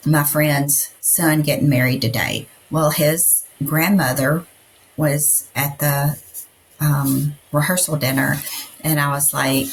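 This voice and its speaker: Podcast co-host, woman, middle-aged; low register, loose chatty storytelling delivery. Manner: rambling, storytelling with many fillers. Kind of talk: casual chat.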